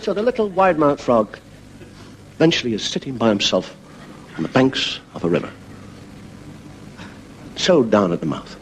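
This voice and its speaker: A male comedian telling a long joke in a leisurely, animated stand-up monologue. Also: medium pitch, moderate pace, pauses often, a crowd in the background, noisy background.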